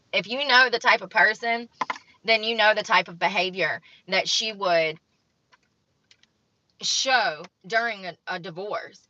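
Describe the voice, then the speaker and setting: A woman's voice: medium pitch, pushed and bright, no echo. A young woman vlogger reading from an article and adding blunt, judgmental commentary. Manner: blunt and judgmental, reads aloud then comments. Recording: dull lo-fi sound, dry room.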